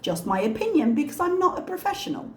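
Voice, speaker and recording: A woman hosting a reaction video, talking calmly with pointed, sarcastic remarks. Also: high-pitched, quick pace, roomy sound, a little hiss or hum. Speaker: reaction channel host. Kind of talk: soft-spoken reaction commentary.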